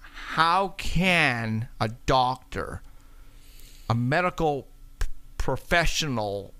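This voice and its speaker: A man's voice: medium pitch, animated, slow pace, pushed and bright, clean tone. A man hosting a casual interview, asking a guest questions and speaking to the audience. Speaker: host.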